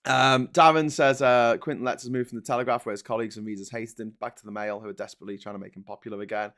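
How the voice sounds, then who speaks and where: Male host, mid-pitched, sarcastic and exasperated, casual headline commentary. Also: steady tone, racing, a bit bright. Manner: sarcastic and exasperated, breaking into laughter. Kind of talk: casual commentary on newspaper front pages.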